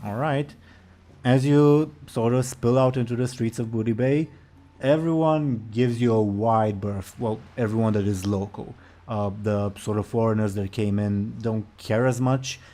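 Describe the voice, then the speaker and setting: A man's voice: mid-range voice, darkish tone. A man narrating a tabletop game as game master, with a loose manner and occasional fillers.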